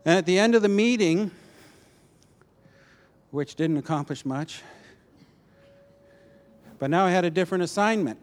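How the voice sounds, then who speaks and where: A man preaching a personal testimony, telling the story animatedly with halting restarts. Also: sits high.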